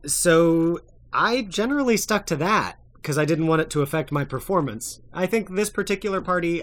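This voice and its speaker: A man guesting on a podcast, answering in casual chat with halting restarts and laughs. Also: on the high side, a bit bright. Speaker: podcast guest, former reality show contestant.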